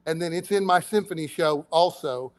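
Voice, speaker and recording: A man's voice: a little high, moderate pace, slight background noise. A man, a musician guest on a live show, talking about his songs in a modest, easygoing way and laughing often. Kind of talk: interview talk.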